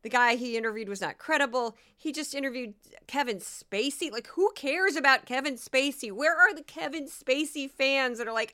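A woman from Missouri hosts her own podcast, chatting casually with a sarcastic, mocking edge. Her voice is bright and crisp, set a little high. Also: moderate pace. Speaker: podcast host. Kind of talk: casual solo podcast monologue.

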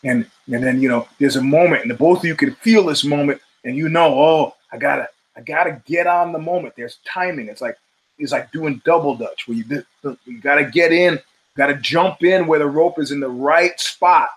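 Host, middle-aged man, slightly high voice; rambling profane storyteller who acts out his quotes. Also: normal speed, low-quality recording. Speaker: show host. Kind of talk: casual monologue.

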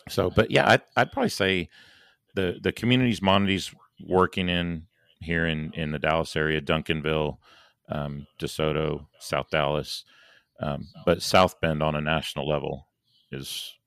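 A man from Saint Louis, a podcast guest talking casually in halting starts and restarts, his voice going hoarse. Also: rumbling low, a bit bright, no echo. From Saint Louis, USA. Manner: halting, many restarts and fillers. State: losing his voice. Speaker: guest, engineer and planner.

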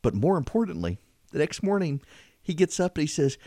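A man's voice: fairly high pitch, big pitch swings, moderate pace, a little mellow, no room sound, clean studio sound. A middle-aged man hosting a talk show, telling a story in a casual, self-mocking way, his voice climbing when he gets exasperated.

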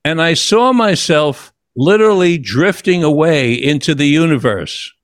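An older man, the host of an interview, tells a long personal story in an earnest, reflective way. He often stops and restarts his sentences. His voice sits a little high and sounds dry and close. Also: lively intonation, a little slow, dry recording.

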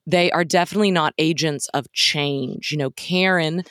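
A woman's voice: deep voice, normal speed, fairly bright tone, no room sound, studio quality. A woman co-hosting a podcast, talking through a film in a thoughtful, analytical way, with some frank swearing. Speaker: podcast co-host. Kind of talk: casual film discussion.

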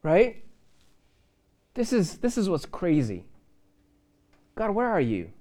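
A man preaching a sermon in a church, conversational and lively, with fillers and asides. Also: high voice, slow pace. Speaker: pastor.

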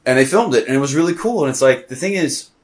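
Rambling, animated male podcast guest. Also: medium pitch, fast talker. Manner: rambling, animated storytelling full of fillers. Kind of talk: casual conversation.

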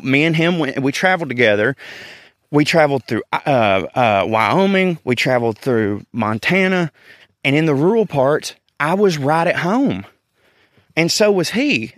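A man's voice: a little high, dry recording, studio quality. A man with a Southern US accent, a podcast host talking in a rambling, candid monologue and swearing casually, recorded outdoors in a park.

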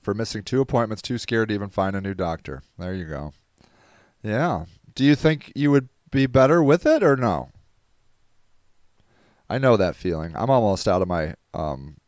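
A man's voice: deep voice, darkish tone, dry recording. A tired man with a stuffy nose, hosting a podcast livestream and reading viewer comments in a rambling, casual way. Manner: rambling, restarts, reads viewer comments aloud. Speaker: podcast host reading live chat.

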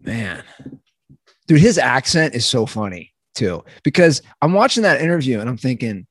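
A man's voice: medium pitch, big pitch swings, moderate pace, husky, no room sound, clean studio sound. A man co-hosting a casual sports podcast, rambling and opinionated, often tripping over his words. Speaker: podcast co-host.

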